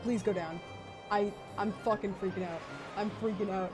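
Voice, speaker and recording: A woman's voice: medium pitch, moderate pace. A young woman streaming a video game live, panicking, swearing and laughing as she plays. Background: game music.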